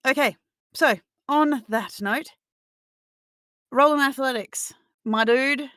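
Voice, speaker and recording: A woman's voice: high-pitched, slow pace, fairly bright tone, dry recording. A woman runs a tabletop game, describing the action in a playful voice. Her sound is dry and close, with no room around it. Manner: playful, laughs often. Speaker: game master.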